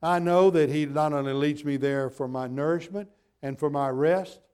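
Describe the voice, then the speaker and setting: Higher-voiced preacher building emphatic repetitions. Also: male voice, normal speed, darkish tone, smooth. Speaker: pastor. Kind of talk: sermon.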